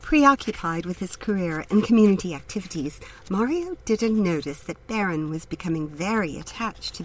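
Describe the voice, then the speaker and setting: A woman narrating an audiobook in a measured, steady way. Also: fairly low pitch, a little hiss or hum, rough recording. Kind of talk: scripted narration.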